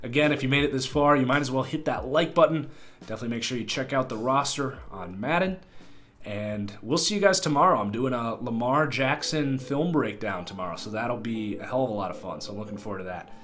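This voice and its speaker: A man's voice: medium pitch, fairly quick, fairly bright tone. A man hosting a casual football analysis video, talking loosely with a stuffed-up, nasal voice. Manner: loose, conversational, with fillers. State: nasal from a cold. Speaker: sports video host. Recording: faint guitar music behind.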